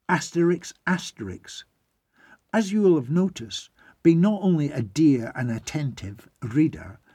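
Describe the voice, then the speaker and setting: A man giving scripted audiobook narration, reading stage directions and footnotes in a wry, measured way. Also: medium pitch, mellow, breathy edge, no echo.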